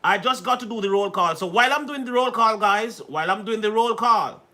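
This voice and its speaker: A man's voice: sits high, brisk, pushed and bright. A man hosting a livestream in playful, casual chat, repeating himself and laughing often. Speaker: livestream host.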